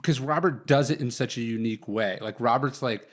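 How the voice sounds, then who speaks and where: A man's voice: mid-range voice, fairly quick. A man in his thirties, a guest author telling a story in a casual interview, rambling with lots of fillers. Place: guest's chosen location.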